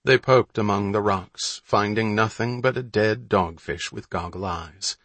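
A male audiobook narrator reading a story in steady, measured scripted narration. His voice sits low. The recording is dry and close, with no room sound. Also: dry recording.

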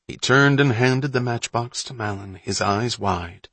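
A man narrating a story in a measured, suspenseful reading. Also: medium pitch, fairly bright tone, slightly rough, no room sound. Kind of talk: audiobook narration.

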